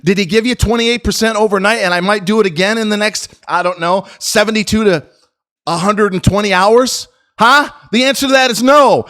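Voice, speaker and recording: A middle-aged man with a fairly high voice rants about stocks to his viewers. He talks in a profane, combative way, punching some lines loudly and dropping others to a low mutter. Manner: profane, combative, swings between loud jabs and low muttered asides. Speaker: stock market commentator. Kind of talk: ranting market commentary video.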